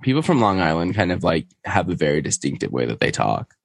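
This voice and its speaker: Low-voiced man with dry sarcasm, dry close sound. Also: big pitch swings, fast talker, creaky, dry recording. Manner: dry, opinionated, sarcastic asides. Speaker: podcast co-host. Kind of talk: casual chat.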